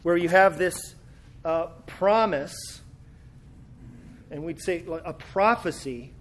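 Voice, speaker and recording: A man's voice: on the high side, slow, a bit bright. A man preaching a sermon in a conversational way, often restarting his words as he explains a passage. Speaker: pastor.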